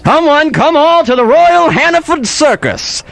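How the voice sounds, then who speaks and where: A man putting on the voice of a loud carnival barker, hawking in a shouted sing-song. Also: very high voice, very animated, a little slow, gravelly, voice pushed up, heavily acted.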